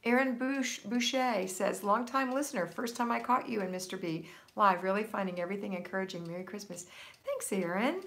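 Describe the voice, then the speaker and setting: Woman, livestream host, casual chat, upbeat, encouraging, mid-pitched voice. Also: a little fast, creaky. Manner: upbeat, encouraging, reads comments aloud. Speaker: livestream host answering viewer comments. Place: home, Florida.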